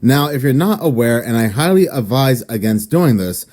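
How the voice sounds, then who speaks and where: A man narrating a cautionary story in casual commentary, steady in his retelling. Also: medium pitch, moderate pace.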